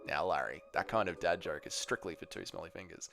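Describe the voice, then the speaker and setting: A man's voice: low voice, brisk, vocal fry, a bit bright, faint music behind. Crude joking male livestream host. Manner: crude, joking banter with chat. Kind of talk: casual livestream chat reading viewer comments.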